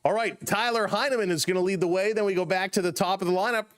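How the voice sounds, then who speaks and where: A man's voice: sits high, fairly even intonation, fast, a bit bright, no echo. Chatty Canadian man calling baseball. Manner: chatty, reads viewer chat and laughs often. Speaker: live stream host. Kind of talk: casual play-by-play commentary.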